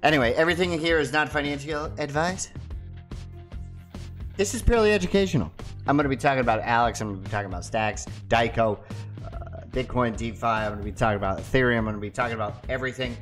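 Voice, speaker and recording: A man's voice: medium pitch, quick pace, fairly bright tone, soft background music. A man hosting his own video, talking casually and ranting in a mocking way. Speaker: crypto video host. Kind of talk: casual monologue to camera.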